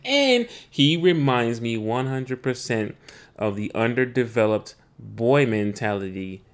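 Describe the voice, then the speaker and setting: A man's voice: mid-range voice, animated, measured pace. A man co-hosting a podcast in casual chat, laid-back and slangy, turning reflective. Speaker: podcast co-host.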